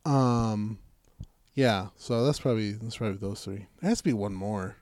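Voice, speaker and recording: A man's voice: on the low side, moderate pace, a little mellow, no echo, clean studio sound. A man in casual, profane banter who rambles through stories with many fillers.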